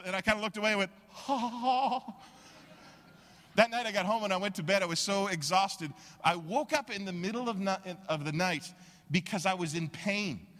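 A man preaching a sermon as pastor, telling stories with animated, acted-out quotes. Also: high voice, long reverb tail. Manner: animated storytelling, acts out quoted voices.

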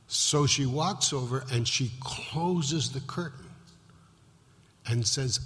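Storytelling pastor in a reverberant hall. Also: male voice, mid-range voice, takes it slowly, long pauses, a bit bright. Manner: conversational, vivid storytelling. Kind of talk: sermon testimony storytelling.

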